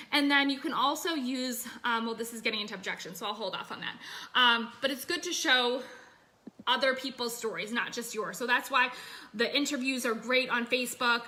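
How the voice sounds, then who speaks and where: Energetic chatty woman coaching online. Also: a little high, normal speed. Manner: energetic, chatty, full of fillers and "you guys". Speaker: business coach. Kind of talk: casual coaching talk to an online group. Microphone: phone.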